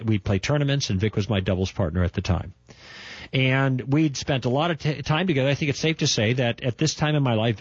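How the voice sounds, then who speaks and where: An older man recounts a personal testimony, driving his points home with repetition and emphasis. His voice is husky, at an ordinary pitch for a man. The recording is dry and a little dull. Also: dry recording. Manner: animated, emphatic storytelling with repetitions. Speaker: testimony speaker.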